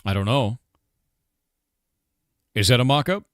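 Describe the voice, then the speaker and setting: On a casual live stream, a male game developer in his forties goes on a profane rant full of "like" and "dude." He sounds animated at a medium pitch but keeps a measured pace. The audio is clean studio sound with no room echo.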